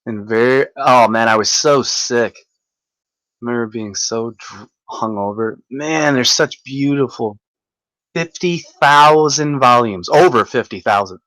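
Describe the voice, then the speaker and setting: A man rambles through a casual vlog story, excitable and full of restarts and fillers. His voice sits at an ordinary middle pitch, and the sound is close and dry. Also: dry recording, rough recording. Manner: halting, many restarts and fillers; excitable, marvelling. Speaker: vlogger recounting a visit.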